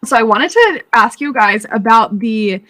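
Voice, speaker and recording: A woman's voice: fairly high pitch, animated, measured pace, pushed and bright, no echo. A woman chatting casually in a book discussion, laughing often and saying "like" a lot. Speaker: book club member.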